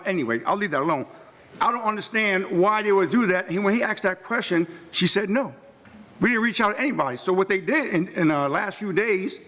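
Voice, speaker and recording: A man's voice: sits high, a bit bright. A man with a New York accent making an impassioned public comment at a county meeting, emphatic and quoting scripture. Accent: New York City. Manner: emphatic, quotes scripture, restarts often. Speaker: resident speaking at public comment. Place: county commission meeting room.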